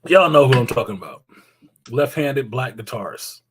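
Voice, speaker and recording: A man's voice: medium pitch, animated, moderate pace, fairly bright tone, husky, rough recording. A man hosting a live stream, chatting loosely with viewers, joking, swearing and reading out their messages. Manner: swears freely, slangy. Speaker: livestream host.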